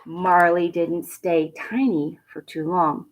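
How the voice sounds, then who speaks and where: A woman from a school reading a picture book aloud to children at home, gentle and expressive, a little nervous, chatting to the kids between pages. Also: lowish voice, unhurried, hardly any pauses. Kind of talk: storybook read-aloud for children.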